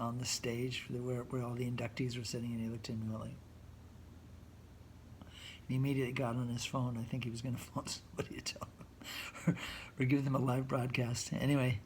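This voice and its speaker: A male rock musician telling a relaxed, rambling story, with fillers and quoted voices. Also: medium pitch, a little hiss or hum.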